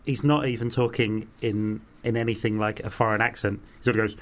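A man's voice: on the low side, fairly even intonation, brisk, a bit bright. A man co-hosting a casual radio show, telling stories with lots of "sort of" and "things". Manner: chatty storyteller, many fillers like "sort of" and "things".

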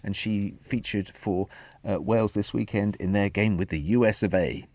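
A man's voice: on the low side, normal speed, dry recording. A man co-hosting a sports show, chatting casually and teasing his co-host playfully. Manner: playful teasing, animated delivery.

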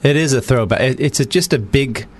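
An American man being interviewed on the radio as an actor guest, relaxed and joking as he talks. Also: mid-range voice, brisk. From United States. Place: radio studio.

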